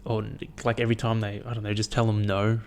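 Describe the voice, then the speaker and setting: A young man hosting his own podcast, chatting in a rambling, profane, animated way as he tells stories. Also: lowish voice, fast talker. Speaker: podcast host. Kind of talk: casual solo podcast chat.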